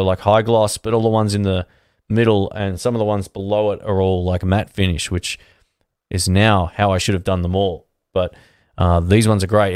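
A man's voice: fairly low pitch, dry recording. Chatty man, dry close sound. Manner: chatty, rambling, friendly. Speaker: live-stream host. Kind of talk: casual live-stream chat answering viewer comments. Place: home studio room. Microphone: dynamic podcast mic.

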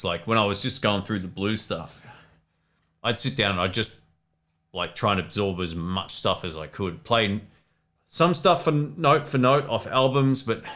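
Aussie guy hosting a live q&a from his home studio, lowish voice, rambly and relaxed. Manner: relaxed, rambling, reads chat comments aloud. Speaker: livestream host answering viewer questions. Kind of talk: casual live Q&A chat.

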